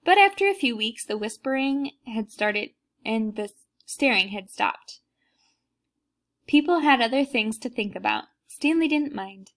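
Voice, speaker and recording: A woman's voice: on the high side, lively intonation, unhurried, fairly bright tone. A woman reading a children's book aloud, narrating plainly and unhurriedly with small slips.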